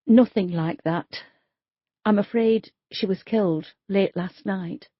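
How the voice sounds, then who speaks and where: A woman voicing a calm, careful female police detective who asks measured questions, in an audiobook. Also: medium pitch, breathy edge, no room sound, dull audio. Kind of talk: audiobook character voice.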